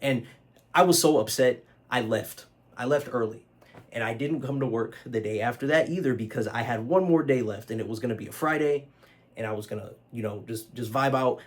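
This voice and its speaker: A man with a mid-range voice tells a story straight to camera. He talks loosely and conversationally, with plenty of fillers and frequent casual swearing. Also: mid-range voice. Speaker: vlogger.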